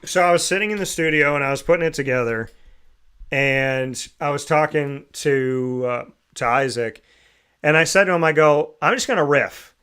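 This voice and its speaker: Brisk, upbeat male sports show host. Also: on the high side, sharp tone, clear, resonant tone. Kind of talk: casual morning show chat.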